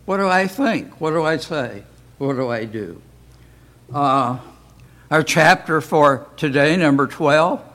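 A man with a fairly high pitch and lively intonation teaches a casual church Bible class, talking slowly in a slightly bright voice. He's folksy and keeps asking rhetorical questions throughout this informal study talk.

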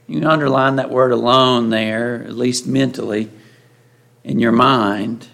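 A man's voice: mid-range voice, steady tone, a little slow, gravelly, a bit bright. A man preaching a sermon in a conversational way, often asking his listeners rhetorical questions.

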